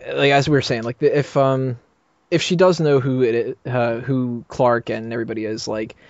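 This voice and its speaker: A man's voice: medium pitch, steady tone, moderate pace, no echo. Rambling man on a dull dry podcast mic. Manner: rambling, filler-heavy, laughs often. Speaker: podcast panelist. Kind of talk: casual roundtable chat.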